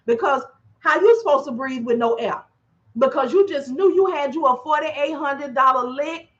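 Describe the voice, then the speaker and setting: A woman dispatcher talking casually to her audience in a lively, animated way, acting out her phone calls and clearing her throat often. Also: high voice, normal speed, muffled recording. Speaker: freight dispatcher. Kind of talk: casual livestream talk. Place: drafty office.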